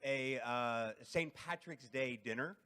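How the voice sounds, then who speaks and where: A man's voice: mid-range voice, slow pace, sharp tone, clear, resonant tone. A man telling wry, teasing anecdotes as a cast member on a reunion panel.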